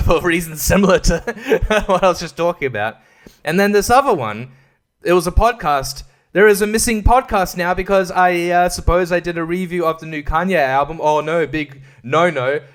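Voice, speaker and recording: A man's voice: high-pitched, fairly bright tone. A young man hosting a solo podcast, ranting crudely and sarcastically, rambling and laughing often. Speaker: podcast host. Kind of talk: casual solo podcast rant.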